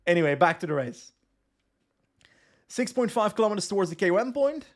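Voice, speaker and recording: A little fast, high-pitched and very animated, a young Flemish-accented streamer from West Flanders, Belgium, gives casual commentary on a cycling game. West Flemish Dutch is his first language, and he keeps reading his chat out loud and responding.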